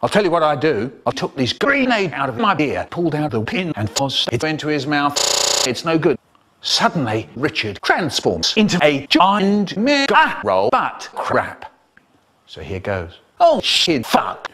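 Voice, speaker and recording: A man telling a comic story in an animated way, with sudden high bursts. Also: measured pace. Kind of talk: comic storytelling, spliced clips.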